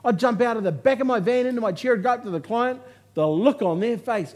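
A man's voice: very high voice, fairly quick, a little mellow, slight background noise. A man giving a motivational speech to a live audience from a stage, telling his story with humour and punchy lines. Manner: humorous, punchy storytelling with jokes. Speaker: motivational speaker.

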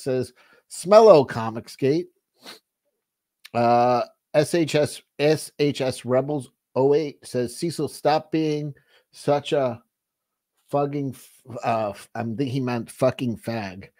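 A man hosts a casual livestream, chatting loosely with his co-host and the viewers. His voice sits at an ordinary middle pitch. He rambles, swears freely and often stops and restarts his sentences. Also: a little mellow. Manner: rambling, profane, frequent restarts.

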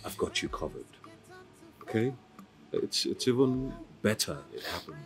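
An actor playing a gentle young man who reassures and comforts softly. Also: lowish voice, animated, a little slow, soft background music. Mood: soothing. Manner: soothing, reassuring, repeating himself.

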